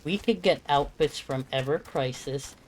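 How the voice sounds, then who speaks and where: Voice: mid-range voice, a little slow, slight background noise. Chatty streamer playing a game. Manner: chatty, joking asides. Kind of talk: casual gameplay commentary.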